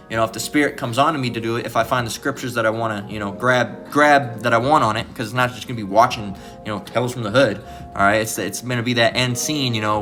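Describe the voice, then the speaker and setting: A man's voice: mid-range voice, pushed and bright. A man giving an informal preaching lesson, emphatic and profane, who keeps asking "all right?".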